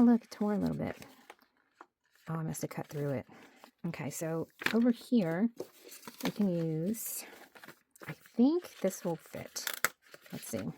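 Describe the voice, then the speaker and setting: A journaling creator narrates her work at her home craft desk in a low-pitched, creaky voice, with background noise. She's casual and chatty, thinking aloud and sometimes dropping to a near-whisper.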